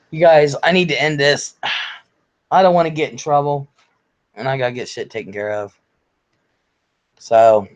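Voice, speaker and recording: A man hosting a live stream in a relaxed, blunt way, reading viewer comments aloud and swearing casually. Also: fairly high pitch.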